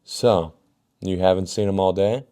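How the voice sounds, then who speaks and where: A man voicing a tired, stern school vice principal who talks in a calm, measured way. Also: sits low.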